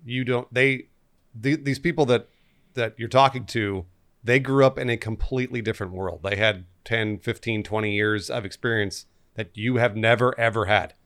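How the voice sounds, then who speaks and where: A man's voice: medium pitch, fairly even intonation, moderate pace, fairly bright tone. A man chatting on a podcast in a reflective way, repeating words as he thinks. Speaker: podcast co-host. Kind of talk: casual chat.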